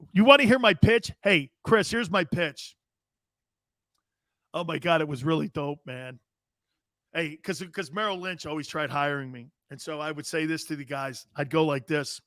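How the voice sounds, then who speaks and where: Brash middle-aged man with a bright, punchy voice. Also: on the high side, no room sound, studio quality. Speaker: sports talk show host. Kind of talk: casual live-stream talk, reading chat.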